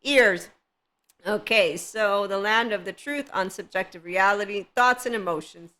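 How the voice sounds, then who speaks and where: A woman hosts a casual spiritual podcast with a bright, forward voice at an ordinary pitch for her sex. She rambles from thought to thought, laughs often and drops sarcastic asides. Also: a little slow. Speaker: podcast host.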